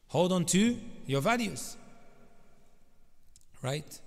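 A man preaching a sermon, emphatic and often turning to address the congregation directly. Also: a little high. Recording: long reverb of a large hall.

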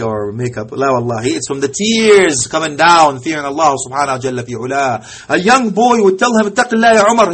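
A male preacher telling a story in a sermon, impassioned, often dropping to a hush and mixing in Arabic phrases. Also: a little high, breathy edge.

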